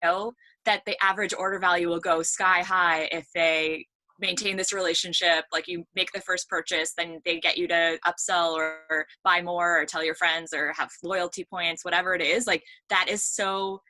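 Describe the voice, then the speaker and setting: A woman's voice: on the low side, fairly even intonation, normal speed, bright, forceful tone, no room sound. A woman, a marketing leader, talking casually as a podcast guest and laughing easily. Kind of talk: casual interview chat.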